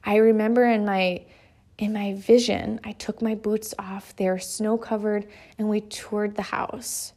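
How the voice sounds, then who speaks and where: A woman's voice: mid-range voice, level tone, a little slow, dark tone. A woman in her thirties, an author, speaking earnestly in a motivational monologue, stressing points by repeating phrases in lists.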